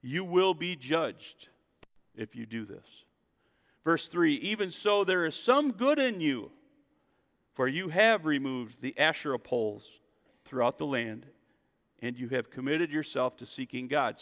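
A man's voice: on the high side, lively intonation, moderate pace. Preaching man in a reverberant hall. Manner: preaching with rising, shouted emphasis and call-and-response asides. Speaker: pastor. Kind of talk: sermon.

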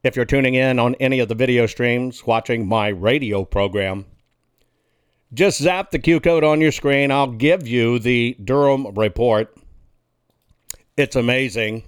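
A man's voice: mid-range voice, a little slow, clear, resonant tone, no echo, clean studio sound. A male talk radio host delivering a combative monologue and building up a hypothetical scenario. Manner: combative, emphatic, insulting opponents.

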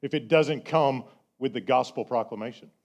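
A pastor preaching a sermon, chatty and full of rhetorical questions, slowing down to stress key words. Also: male voice, medium pitch, a little mellow, lo-fi sound.

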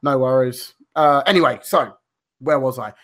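A man chatting loosely on a podcast. He rambles, backtracks and swears freely, filling gaps with ums and uhs. His voice sits at an ordinary middle pitch. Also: normal speed, a bit bright. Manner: rambling, swears freely, many fillers and restarts. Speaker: podcast co-host. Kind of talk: casual podcast chat.

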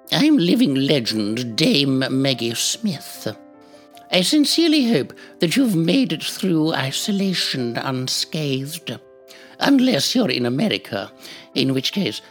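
Woman playing a haughty old dame reading smut with a straight face, low and unhurried. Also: exaggerated voice. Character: elderly aristocratic British dame reading smutty fiction. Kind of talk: comedy sketch reading.

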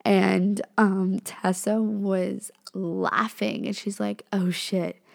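A young woman tells a story on her podcast in a loose, rambling way, full of "like" and "literally" and casual swearing. Her voice has a gravelly fry running through it, and her pitch sits in a middling range. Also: level tone, drawn-out words. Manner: rambling, profane, says "like" and "literally" a lot. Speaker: podcast host.

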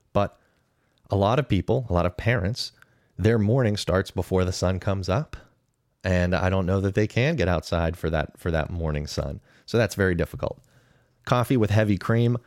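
A man's voice: sits low, darkish tone, no echo, studio quality. A man in his thirties giving casual, opinionated podcast commentary, weighing pros and cons in a conversational way. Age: 30s. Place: podcast studio.

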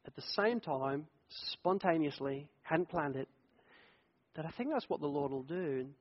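A middle-aged man, a pastor, preaching a sermon in a conversational, animated way and telling personal stories. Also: on the high side, moderate pace. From United Kingdom. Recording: echoey hall, dull lo-fi sound.

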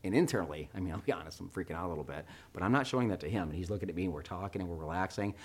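Man, middle-aged, pastor preaching, animated storyteller, hushed to loud. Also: low-pitched, racing. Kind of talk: sermon.

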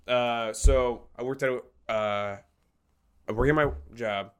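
A man's voice: mid-range voice, fairly even intonation, slow, clear, resonant tone. A young man co-hosting a podcast, telling a story in casual chat, swearing often and laughing as he goes. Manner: swears a lot, laughs while telling stories. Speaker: podcast co-host.

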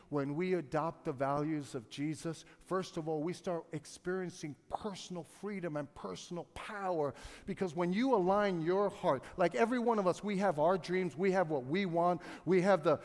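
A pastor preaching a sermon to his congregation, calling for responses and swinging from quiet storytelling to loud, shouted peaks. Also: high-pitched, long reverb tail. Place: church sanctuary.

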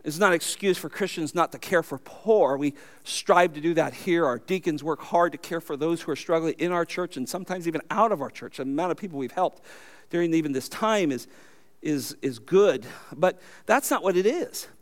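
A middle-aged male pastor preaching a sermon, earnest and animated, often restarting his words. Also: on the high side, moderate pace.

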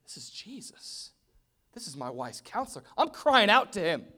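A man's voice: high voice, very animated, moderate pace, voice pushed up, full character voice. A preacher acting out a desperate blind man crying out. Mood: defiant pleading. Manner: pleading, rising to shouts.

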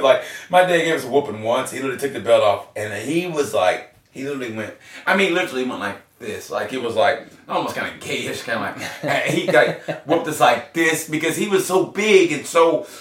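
A man in his forties, originally from Oklahoma, telling candid personal stories as a guest, animated, swearing freely and laughing often. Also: mid-range voice, a little fast. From Oklahoma, USA. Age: 40s. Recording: roomy echo, mic at a distance.

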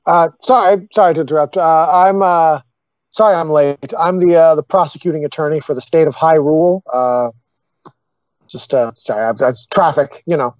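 A man's voice: on the high side, moderate pace, a little mellow, no echo, muffled recording, lightly acted. A man playing a flustered, hesitant prosecutor who keeps saying uh, in an improv comedy sketch. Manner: hesitant, full of uhs. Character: flustered late male prosecutor.

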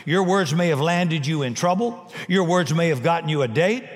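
A man preaching a sermon in a large church, his emphatic voice sitting a little high for a man. He mixes forceful declarations with humorous asides. A long reverb from the hall trails every phrase. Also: lively intonation, moderate pace. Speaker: pastor.

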